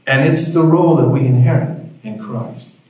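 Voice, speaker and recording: A man's voice: medium pitch, normal speed, a little mellow. A male pastor preaching a sermon, telling a story with dry humor, recorded in a church hall. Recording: heavy room echo.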